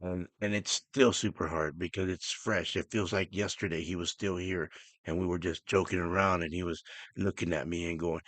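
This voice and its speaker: Middle-aged male podcaster, heartfelt solo talk, slightly low voice, dry room. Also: steady tone, a bit bright, dry recording. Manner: earnest, emotional, halting restarts. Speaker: podcast host. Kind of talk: personal podcast monologue.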